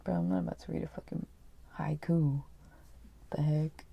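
A woman's voice: deep voice, steady tone, moderate pace, vocal fry, husky, lo-fi sound. A woman reading story submissions aloud and reacting with crude, sarcastic remarks.

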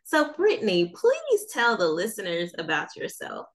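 Hosting a casual interview podcast, a North Carolina woman with a Southern accent talks at normal speed in a medium-pitched voice that swings hugely in pitch. She's chatty and upbeat, with frequent laughter.

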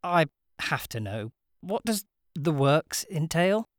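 A man's voice: a little high, big pitch swings, slow, dry recording, clean studio sound, pitched above the performer's own voice. Narrator voicing a flustered, stammering young man. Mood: awkward. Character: awkward, polite young office man.

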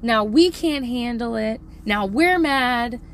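A middle-aged woman telling a parenting story in a casual, animated, profane way, laughing often. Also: a little high, takes it slowly, a little hiss or hum.

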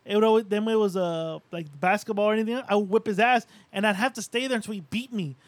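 A man's voice: sits high, quick pace, no room sound. A man co-hosting a podcast who tells a long, profane story about his childhood, rambling and padding every phrase with "like.". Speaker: podcast co-host. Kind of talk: casual storytelling among friends.

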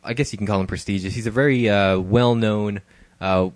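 A man's voice: lowish voice, steady tone, brisk, no echo. A man co-hosting a casual podcast chat, loose and joking, laughing often. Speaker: podcast co-host.

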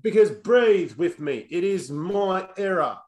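A cocky male wrestler with a put-on New Zealand accent, bragging loud and brash, as a man hams it up. The voice sits a little high. It is a rough, playful send-up. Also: lively intonation, slow. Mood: boastful. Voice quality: boastful, brash.

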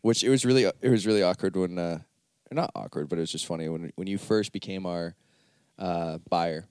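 A man's voice: deep voice, brisk, darkish tone, smooth, no room sound, clean studio sound. A man hosting a casual podcast chat, rambling, laughing often and swearing offhandedly. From United States. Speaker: podcast host.

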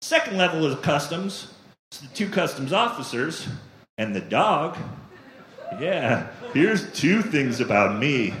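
A man's voice: on the high side, sing-song, slow, fairly bright tone. A man performing a stand-up routine, telling profane, self-deprecating stories on a comedy club stage. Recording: echoey live club recording with noise.

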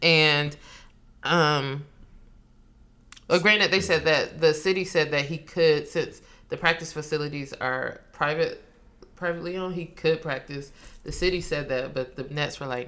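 A woman's voice: deep voice, measured pace, a bit bright. A woman co-hosting a casual chat show, laughing often and telling stories with animation. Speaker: podcast co-host.

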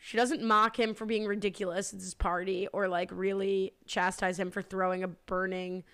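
A woman's voice: mid-range voice, little pitch movement, moderate pace, a bit bright, smooth. A woman hosting a podcast in casual chat, leading the talk and reading out listener questions. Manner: chatty, leads the discussion, reads listener questions. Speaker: podcast host.

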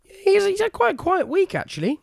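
A man co-hosting a podcast in casual chat, chatty and jokey, quick to argue a point. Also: very high-pitched, huge pitch swings, vocal fry, darkish tone, dry recording, clean studio sound. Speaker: podcast co-host.

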